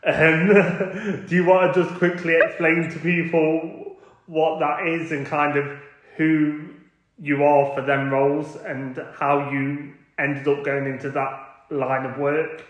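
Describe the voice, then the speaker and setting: A man hosting a podcast, asking questions in a relaxed, loose way full of fillers. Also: a little high, takes it slowly, reverberant, rough recording. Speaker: podcast host. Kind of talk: casual interview.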